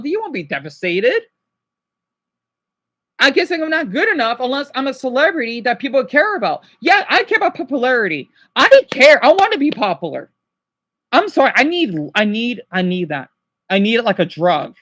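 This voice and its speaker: A man's voice: very high voice, sharp tone. A man ranting at his livestream chat, agitated and exasperated, scolding and sighing with tiredness.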